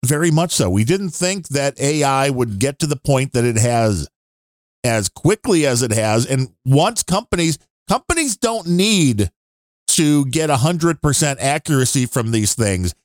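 A man's voice: medium pitch, very animated, measured pace, no room sound, studio quality. A man co-hosting a podcast, rambling and grumbling through his opinions in casual chat. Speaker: podcast co-host.

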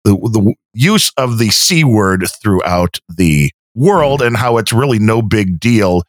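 With a lowish, expressive voice and a slightly slow delivery, a man rambles through relaxed podcast chat, frequently abandoning sentences partway. He's the show's co-host and editor, recorded without echo.

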